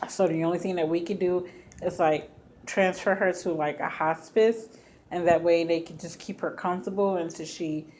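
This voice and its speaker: A woman's voice: fairly low pitch, fairly even intonation, normal speed, a little mellow, slight background noise. A woman casually telling a personal story to her viewers, talking to them directly as y'all with lots of fillers. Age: adult with a child. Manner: chatty, addresses viewers as y'all, many fillers.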